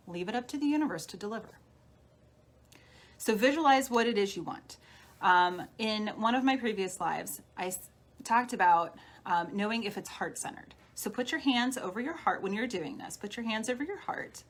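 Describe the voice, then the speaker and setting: A woman healer giving a live-streamed talk, guiding listeners gently through steps like a coach. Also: medium pitch, lively intonation, moderate pace. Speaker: spiritual healer. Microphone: phone or webcam on a live stream.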